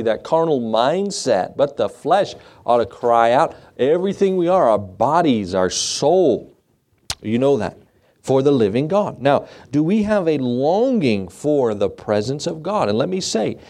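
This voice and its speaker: Warm-voiced preacher man. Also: medium pitch. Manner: folksy preaching with rhetorical questions. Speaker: pastor. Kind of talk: sermon.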